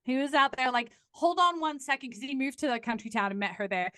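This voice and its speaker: A woman's voice: a little high, fast, dry recording. A young woman, telling a candid story as a podcast guest, swearing freely and acting out the people she quotes. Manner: profane, animated storytelling with quoted voices. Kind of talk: candid casual chat.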